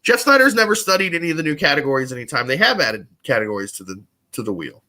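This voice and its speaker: Man, young adult, podcast co-host, casual rambling chat, bright tone. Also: a little high, very animated, quick pace. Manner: rambling, heavy use of "like". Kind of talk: casual chat about a trivia competition.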